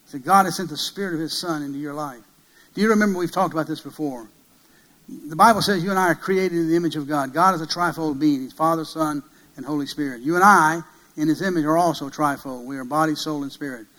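A man preaching a sermon, emphatic, swinging from loud peaks to hushed passages and asking many rhetorical questions. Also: fairly high pitch, quick pace, poor audio.

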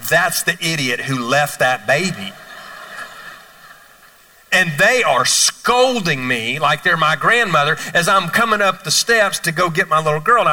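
Pastor on stage, animated storyteller, slightly high voice with a sharp, bright edge, heard from afar. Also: male voice, recorded from a distance, poor audio. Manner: storytelling, lively, playful. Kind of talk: sermon. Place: church stage.

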